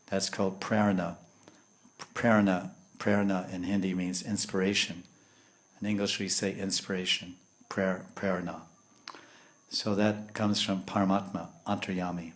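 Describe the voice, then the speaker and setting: A man giving a devotional lecture, explaining scripture in a storytelling way with Sanskrit terms. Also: deep voice. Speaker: spiritual teacher.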